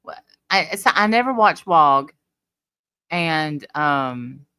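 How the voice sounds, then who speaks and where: A woman with a low, dark-toned voice chats bluntly with her live viewers, answering comments as they come in. Her voice sits close and dry, with no room sound around it. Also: expressive, slow, clear, resonant tone, no echo. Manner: chatty, blunt, talks back to chat. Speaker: livestream host. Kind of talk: casual live chat reading comments.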